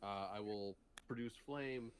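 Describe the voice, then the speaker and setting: A man's voice: fairly low pitch, unhurried, slight background noise. Easygoing male tabletop player. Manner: easygoing, thinks aloud with fillers. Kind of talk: casual tabletop game chat.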